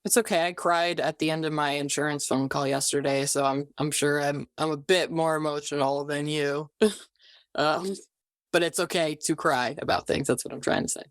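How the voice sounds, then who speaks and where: A woman in a recovery group speaking gently and comfortingly, a little self-deprecating, over a video call. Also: low voice, steady tone, moderate pace, no echo, studio quality.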